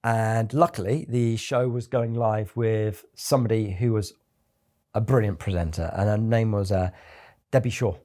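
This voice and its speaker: A man's voice: on the low side, fairly even intonation, normal speed, dark tone. A middle-aged man, a company founder, telling anecdotes in an interview with a chatty storytelling manner. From England. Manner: chatty anecdotal storyteller, acts out quoted voices.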